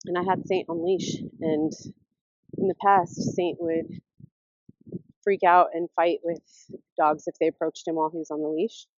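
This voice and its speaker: A woman vlogging casually while out walking her dog, rambling and chatty with laughs, and cooing at the dog in a high baby-talk voice. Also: normal speed, pauses often, a little mellow, no echo, muffled recording. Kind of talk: casual vlog chat.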